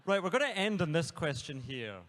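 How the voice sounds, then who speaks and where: A man's voice: on the high side, very animated, brisk, crowd noise. A man hosting a live Q&A, reading out audience questions with dry, teasing jokes. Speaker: host of a live Q&A. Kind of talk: moderating audience questions on stage. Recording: long hall reverb from a live venue.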